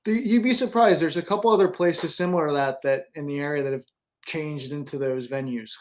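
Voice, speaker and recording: A man's voice: on the high side, fairly quick. A man who is a guest photographer in a casual studio chat, easygoing and agreeable. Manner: easygoing, agreeable, short replies.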